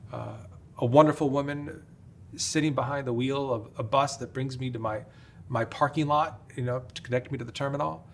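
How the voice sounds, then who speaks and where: A middle-aged priest from upstate New York, appearing as a guest on a podcast interview, explains things in a measured, careful way with frequent "uh" fillers. His voice is medium-pitched and gravelly, with slight background noise.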